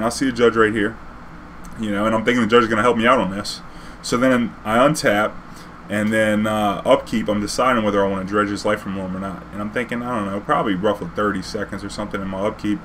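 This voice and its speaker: A man telling a story casually, profane and animated, acting out a heated argument. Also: mid-range voice, slight background noise.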